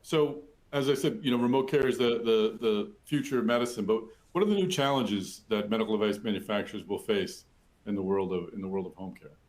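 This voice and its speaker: A man's voice: lowish voice, fairly quick, a little mellow. A man hosting a virtual industry talk, chatty and self-deprecating, with many fillers. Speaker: webinar host.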